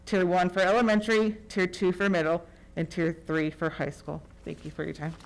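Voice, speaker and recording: A student reading a prepared statement at a school board meeting, formal and steady. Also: medium pitch, fairly quick, vocal fry, noisy background. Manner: formal, steady, reads citations.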